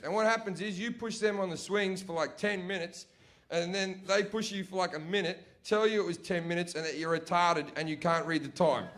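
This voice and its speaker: Speaking at an ordinary pace in a high-sitting voice, a young stand-up comedian spins a profane family story on stage for a live crowd. He animatedly mimics his relatives, and there's a little hiss or hum in the audio.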